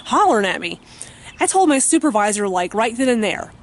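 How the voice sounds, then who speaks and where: A woman's voice: fairly high pitch, sing-song, brisk. Blunt, foul-mouthed woman vlogging at home. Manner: blunt and profane, many fillers. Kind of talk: casual storytelling to camera.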